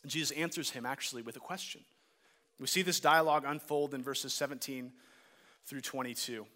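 A man giving a sermon as pastor, earnest and emphatic, going soft and low when he reads scripture. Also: steady tone, fairly quick, long reverb tail. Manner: earnest preaching, rising to emphatic peaks, dropping soft and low for scripture readings.

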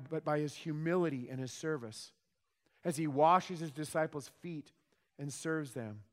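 A man preaching a sermon with emphatic delivery and rhetorical questions. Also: a little high. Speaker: pastor. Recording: long hall reverb.

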